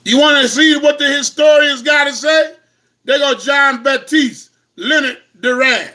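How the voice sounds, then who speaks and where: A man giving an impassioned, preaching-style lecture to online viewers, repeating himself and breaking into shouts. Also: extremely high pitch, measured pace. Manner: impassioned, repetitive, bursts into shouting. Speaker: host of an online talk.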